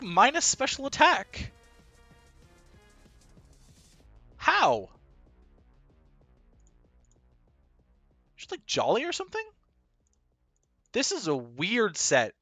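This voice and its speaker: A man's voice: medium pitch, sharp tone, dry recording. A man commentating his own competitive battle live, thinking aloud analytically with bursts of disbelief.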